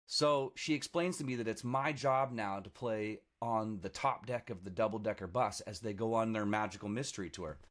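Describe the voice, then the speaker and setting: A man in his forties from the Niagara region, a guest musician telling stories in a lively, self-mocking way on a casual podcast. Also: fairly low pitch, moderate pace, few pauses. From Niagara region, Canada. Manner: animated, self-mocking storyteller with laughs.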